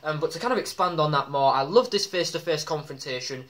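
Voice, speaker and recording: Excitable male vlogger, slightly higher pitch, chatty commentary with filler ums. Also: quick pace. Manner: excitable, many ums, acts out quoted shouts. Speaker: wrestling vlogger. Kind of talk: casual commentary vlog.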